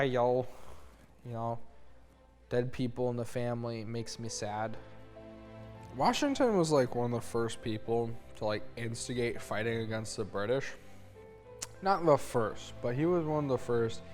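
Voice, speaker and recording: A young man tells a history story in a sloppy, rambling comedy parody, full of slang and silly quoted voices. His voice sits at an ordinary middle pitch. Faint music plays quietly underneath. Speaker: student narrator.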